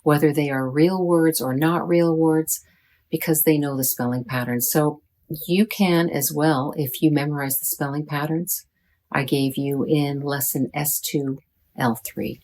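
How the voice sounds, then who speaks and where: Slow, low-voiced woman teaching pronunciation. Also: fairly even intonation, darkish tone. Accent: American. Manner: deliberate, modeling sounds for learners. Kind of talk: slow, careful pronunciation lesson.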